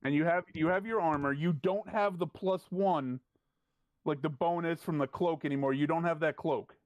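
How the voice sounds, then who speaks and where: A man narrating as game master, talking in halting bursts and often repeating his words. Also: on the high side, dry recording.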